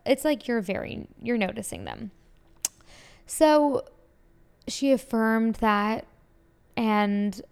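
Gravelly-voiced woman rambling casually. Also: mid-range voice. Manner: rambling, heavy use of "like" and fillers; drifts into soft whispers at emotional moments. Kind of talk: casual personal storytelling.

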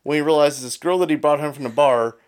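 A man's voice: fairly high pitch, fast, clear, resonant tone. A man telling a long rambling story in casual chat, profane, with frequent "right?" tags.

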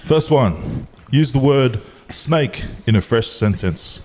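A man's voice: medium pitch, expressive, slow, a little mellow, a little hiss or hum. A man co-hosting a casual podcast, running a quiz in a playful, teasing way. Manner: playful, teasing, laughs often. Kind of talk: casual chat.

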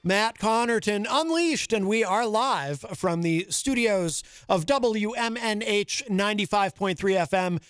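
A man's voice: high-pitched, animated, a little slow, hardly any pauses, fairly bright tone, clear, resonant tone, no echo. A man hosting a live radio talk show from a studio, chatting in a rambling, self-amused way on a studio microphone. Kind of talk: casual monologue.

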